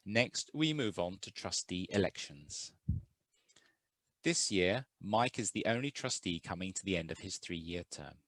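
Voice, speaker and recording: A man from the UK chairs a charity's annual meeting over a video call. His voice sits very low, and the sound is dry and close with no room around it. He reads his report in a measured, formal way. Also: fairly bright tone, no echo. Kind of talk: reading a prepared meeting report.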